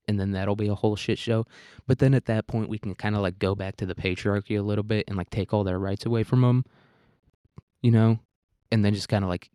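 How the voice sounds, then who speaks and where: A man's voice: fairly low pitch, smooth, no room sound, clean studio sound. Rambling, crude young man. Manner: rambling, crude, deadpan provocative, many restarts. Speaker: podcast host. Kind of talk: satirical comedic rant.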